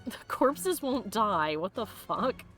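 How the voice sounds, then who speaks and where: A woman's voice: medium pitch, sing-song, takes it slowly, music in the background. A woman streaming a video game, chatting casually and swearing at enemies between laughs. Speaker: let's play streamer. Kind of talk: casual gameplay commentary.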